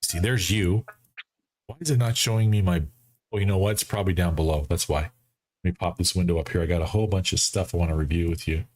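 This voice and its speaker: A man hosting a casual football fan show for a live audience, animated and mocking, acting out friends he quotes. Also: low voice, quick pace. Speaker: sports fan show host. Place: home studio setup.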